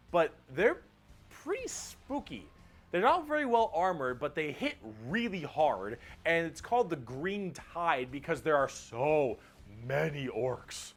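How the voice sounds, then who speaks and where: Man with a somewhat high voice, irreverent comedic explainer narration, casual cursing. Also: a bit bright. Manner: irreverent, swears, mock-dumb phrasing. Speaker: video essay narrator.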